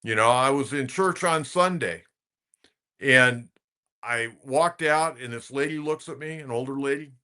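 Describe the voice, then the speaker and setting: A man's voice: medium pitch, a little slow, pushed and bright, smooth. A man hosting a sports talk podcast, who talks bluntly and conversationally and repeats himself for emphasis. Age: older.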